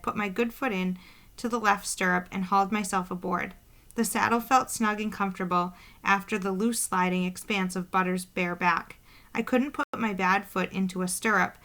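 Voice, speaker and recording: A woman's voice: medium pitch, a bit bright. A woman narrating a novel in first person, reading steadily and plainly with the odd slip. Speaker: audiobook narrator.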